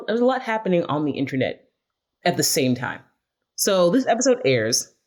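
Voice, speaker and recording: Woman, podcast guest, low voice, lively swoops, storytelling. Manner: animated storytelling, acts out quotes. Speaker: music correspondent. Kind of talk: casual podcast chat. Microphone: studio microphone.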